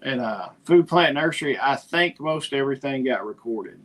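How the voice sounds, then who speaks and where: A man's voice: medium pitch, moderate pace. A middle-aged man, co-hosting a podcast and retelling conversations in casual chat. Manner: storytelling, animated retelling of conversations. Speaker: podcast co-host.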